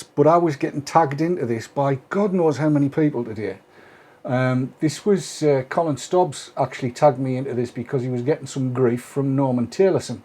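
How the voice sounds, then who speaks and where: Man, live-stream host, husky, mellow, jokey banter. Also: a little high. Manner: jokey, chatty, teasing. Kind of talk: casual live-stream chat.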